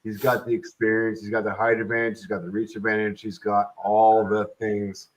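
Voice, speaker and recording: A man's voice: level tone, brisk, a little hiss or hum, rough recording. Laid-back guy co-hosting fight picks, dry and brief. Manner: low-key, dry, short replies. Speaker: co-host. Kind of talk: casual prediction show chat.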